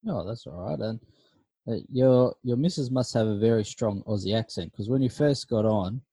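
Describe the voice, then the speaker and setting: A man's voice: mid-range voice, moderate pace, warm tone, slightly rough, dry recording. A middle-aged man co-hosting a podcast, easygoing and asking questions. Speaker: podcast co-host. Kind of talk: casual podcast chat.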